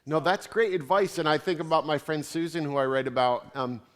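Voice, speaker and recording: A man's voice: fairly high pitch, fairly quick. A man speaking as a visiting theologian, answering audience questions with stories and wry asides. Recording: reverberant hall sound.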